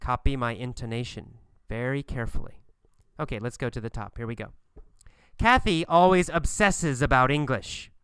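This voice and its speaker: Slow, emphatic man teaching English. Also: medium pitch, fairly bright tone, smooth, no room sound, clean studio sound. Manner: slow, emphatic, repeats phrases for learners. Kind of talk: scripted language lesson.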